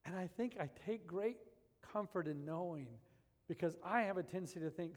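Male preacher, sermon, slightly high voice, hushed to booming, long hall reverb. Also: moderate pace. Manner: swings from hushed and intimate to loud and emphatic.

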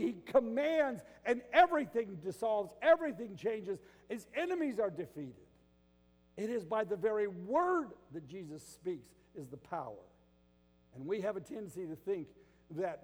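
An older man preaching a sermon, moving between loud emphatic bursts and quiet, hushed stretches. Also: sits high, in a large hall. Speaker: pastor.

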